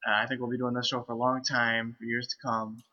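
A man's voice: medium pitch, flat delivery, quick pace, pushed and bright. A man hosting a casual podcast chat, speaking hesitantly with frequent restarts. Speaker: podcast host. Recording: lo-fi home mic.

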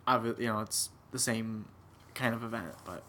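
A man's voice: on the low side, normal speed, bright, forceful tone, slight background noise. A man co-hosting a podcast, chatting casually about a movie with jokes and many fillers. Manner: jokey, hesitant, many fillers. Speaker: podcast co-host. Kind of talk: casual movie recap chat.

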